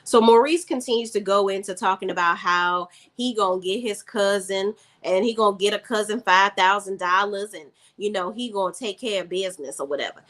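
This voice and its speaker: A woman's voice: mid-range voice, a little fast, hardly any pauses, fairly bright tone. A woman giving a sassy, opinionated recap of a TV episode, switching into quoted lines of dialogue. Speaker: TV show reviewer. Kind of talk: casual recap and commentary.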